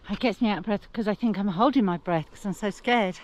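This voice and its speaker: A woman's voice: mid-range voice, fast, few pauses, heavy background noise. An older woman vlogging outdoors in the snow, laughing at herself and swearing casually as she talks. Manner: self-deprecating, swears, laughs often. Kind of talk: casual self-filmed vlog.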